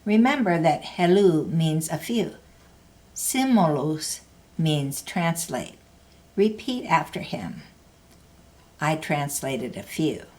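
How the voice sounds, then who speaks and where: A woman's voice: sits low, big pitch swings, slow pace, pauses often, a little mellow. A woman teaching a language lesson, explaining grammar carefully in a scripted narration.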